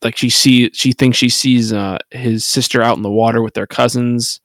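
A man's voice: mid-range voice, fairly even intonation, moderate pace, no room sound. A man co-hosting a podcast, talking loosely and hesitantly about a film, with lots of "like" and "I think". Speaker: podcast co-host. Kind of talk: casual film discussion.

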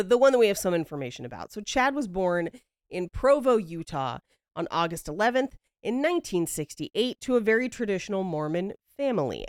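Woman, podcast host, casual storytelling, wry, swears, smooth clear voice, dry close mic. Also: on the low side, no room sound. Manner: wry, profane, quick to laugh.

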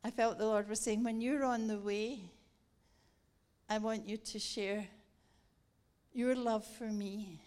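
A woman preaching a sermon, telling a lively story and acting it out with laughter. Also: mid-range voice, slow pace. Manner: animated, acts out the story with laughter.

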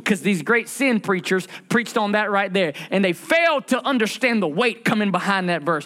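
A male pastor preaching a sermon, calling out questions to the congregation and repeating phrases, slowing down and rising in pitch to stress scripture. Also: animated, pushed and bright. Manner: preaching with call-and-response questions and repetition; slows and rises in pitch for emphasis when reading scripture.

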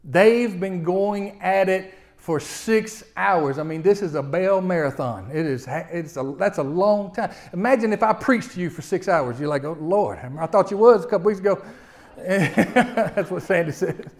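A man preaching a sermon, telling the story with lively swings between loud outbursts and quiet asides. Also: high voice, a little slow.

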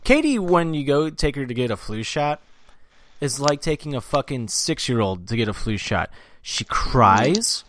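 A man's voice: mid-range voice, moderate pace, a little hiss or hum. A man co-hosting a casual podcast, telling stories in a crude, joking way. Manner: crude, joking, animated storyteller. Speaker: podcast co-host. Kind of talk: casual storytelling chat.

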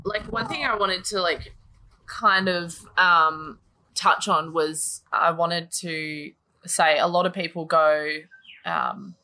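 A woman's voice: fairly low pitch, very animated, slow pace, sharp tone, slight background noise. A woman chatting candidly, swearing freely and filling her talk with likes and ums. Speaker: guest sharing her story. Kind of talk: casual chat.

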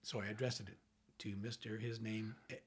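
A Canadian man interviewing a guest, chatting casually and sharing his own quick stories. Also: lowish voice, flat delivery, slightly rough.

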